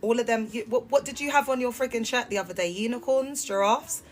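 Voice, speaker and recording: A woman's voice: a little high, fast, slight background noise. A woman, talking on a phone live stream and confronting her viewers in a sassy, heated way. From United Kingdom. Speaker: livestreamer. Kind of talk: casual live-stream rant.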